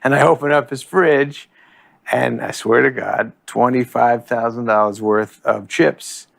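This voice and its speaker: A man telling a funny story from a clip of a roundtable, laughing and acting out another man's lines with lively energy. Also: mid-range voice, unhurried, gravelly, no room sound, studio quality. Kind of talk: anecdote at a roundtable.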